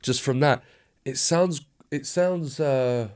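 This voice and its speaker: A man's voice: mid-range voice, takes it slowly. A man hosting a podcast, asking long, hesitant, rambling questions with frequent restarts. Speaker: podcast host, comedian. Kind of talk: casual interview chat.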